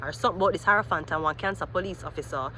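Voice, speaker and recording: A woman giving a rambling, animated tarot reading, thinking aloud as she turns cards. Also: fairly low pitch, racing, slight background noise. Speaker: tarot reader.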